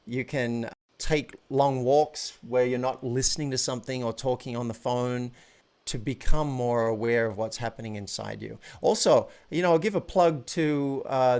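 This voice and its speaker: A man talks casually as an interview guest, his pitch sitting in an ordinary middle range. He is animated and excitable. He often repeats and restarts his words mid-thought. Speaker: podcast guest, author and coach.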